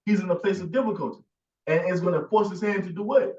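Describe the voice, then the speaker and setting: A man preaching hard, pressing each point and driving it home, his voice set a little high. He sounds far from the mic in an echoing room, and the recording is dull. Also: quick pace. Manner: forceful, repeats "man" and "you see". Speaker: teacher. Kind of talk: emphatic preaching commentary. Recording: echoey, distant, dull sound.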